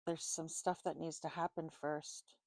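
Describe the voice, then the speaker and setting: A woman's voice: sits low, flat delivery, a little slow, darkish tone, dry recording. A woman giving a loose, chatty tarot reading to the viewer, full of fillers and casual swearing. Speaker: tarot reader.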